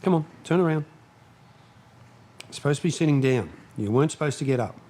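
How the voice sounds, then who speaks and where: A man hosting a casual live stream from his shed, chatting slowly and snapping commands at his dogs. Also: on the high side, animated. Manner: slow, chatty, scolding his dogs in sharp bursts. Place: home workshop shed.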